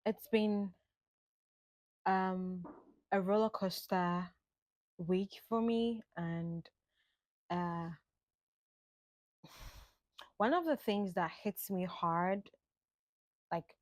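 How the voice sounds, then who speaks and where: A woman, musing aloud in an unhurried reflective monologue. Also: fairly low pitch, steady tone, a little mellow, no room sound. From Ghana. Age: late 20s. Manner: musing, unhurried, drifts between thoughts. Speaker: vlogger.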